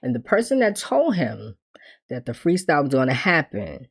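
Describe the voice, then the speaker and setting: A woman hosting a casual gossip commentary show, talking in an animated, profane, chatty way. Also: low-pitched, moderate pace, vocal fry, breathy edge. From New York. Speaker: host.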